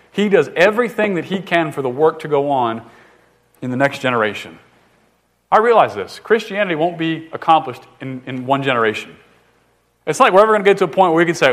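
A man in his thirties from the northern US, a pastor preaching a conversational, jokey sermon with frequent restarts. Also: on the high side. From northern United States.

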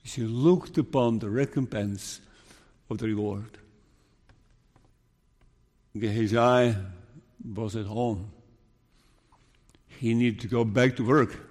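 A male preacher delivers his sermon slowly and deliberately, at a middling pitch. He retells scripture earnestly and turns it into pleading appeals. His voice carries a long reverb from a large church hall. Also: fairly even intonation, a little mellow. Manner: earnest, measured Bible storytelling with pleading appeals.

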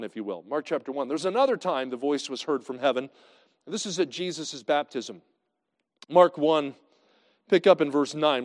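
A male pastor preaching a sermon in a conversational way, swinging from loud to hushed. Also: on the high side, long reverb tail.

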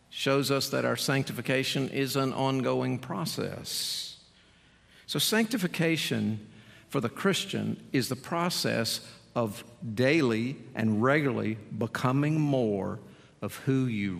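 A man's voice: mid-range voice, gravelly. A man preaching a sermon as pastor, earnest and building to emphatic, repeated appeals. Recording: long reverb in a large hall.

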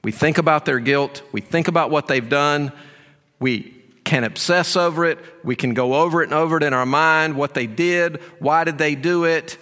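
A man preaching a sermon as pastor, earnest and emphatic, moving between firm statements and hushed asides. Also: a little high, moderate pace. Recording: long reverb of a large hall.

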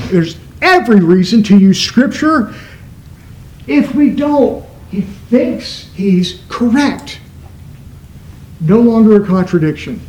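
A man preaching a sermon as pastor, stressing words with emphatic shifts in pitch. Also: darkish tone, echoey room, low-quality recording.

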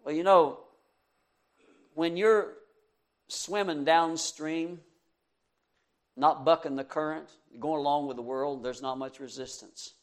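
High-voiced man preaching with swings of force. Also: steady tone, slow, long pauses. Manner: earnest, asks the listeners direct questions; swings between loud emphasis and quiet asides. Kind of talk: sermon.

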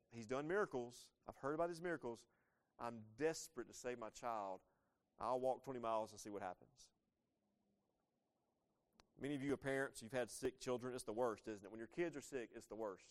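Man preaching a conversational sermon. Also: medium pitch. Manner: conversational preaching with rhetorical questions. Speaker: pastor.

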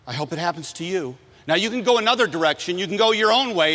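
A man delivering a sermon to young people, lively and storytelling. His voice is bright and forceful and sits a little high for a man. It rings with the long reverb of a big hall. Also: fast talker, hardly any pauses. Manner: animated, shifts into loud voices for quoted people. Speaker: preacher. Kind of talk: sermon with acted-out stories.

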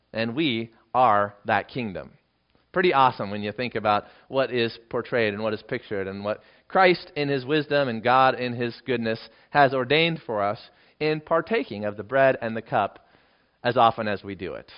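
A male pastor with a mid-range voice preaches an expository Bible sermon at a moderate pace. He's emphatic, swelling dramatically when reading quoted lines, on a dull lo-fi recording.

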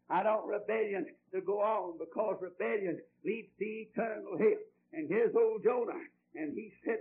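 A man preaching a fiery old-time revival sermon, swinging from shouts to low pleas. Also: normal speed, slight background noise. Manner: fiery, shouting and dropping low in turns, folksy Southern phrasing. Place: revival tent. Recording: dull lo-fi old broadcast recording.

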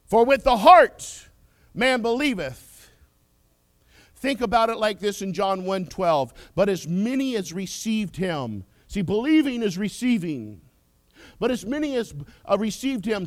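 In a dry, close, expressive recording, a male preacher gives a sermon at an unhurried, measured pace. His high voice swoops widely, and he passionately swings between loud declarations and hushed, near-whispered lines.

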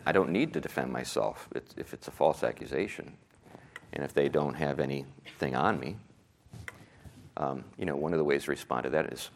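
A man teaching a Sunday school class, animated, asking his listeners rhetorical questions and chuckling at his own jokes. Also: very deep voice, gravelly.

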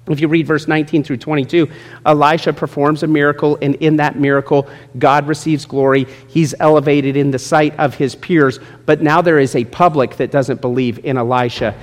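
A male pastor preaching a sermon with lively, joking asides to people in the congregation. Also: on the high side, moderate pace. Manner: lively, jokes with congregation members by name. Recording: long reverb in a large hall.

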